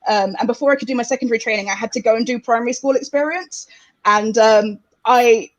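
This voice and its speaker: A woman's voice: on the high side, fast. A young woman with a South East London accent telling rambling stories on a comedy panel, full of fillers. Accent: South East London English. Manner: rambling, filler-heavy storytelling. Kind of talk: casual anecdote telling on a panel.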